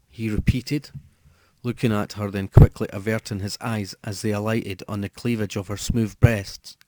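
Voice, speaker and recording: Man, audiobook narrator, measured storytelling, warm mellow tone, dry close recording. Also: fairly low pitch, little pitch movement, no room sound. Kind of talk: scripted narration.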